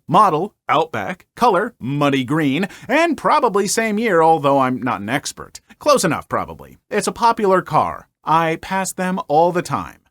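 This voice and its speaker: Lively wry male story narrator. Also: fairly high pitch, dry recording. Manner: wry, conversational, animated delivery. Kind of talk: narrated reading of online stories.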